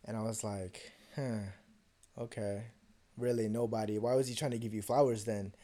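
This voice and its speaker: A young man co-hosting a podcast, telling a personal story in a casual, profane and animated way and acting out the other voices. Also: lowish voice, moderate pace. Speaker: podcast co-host.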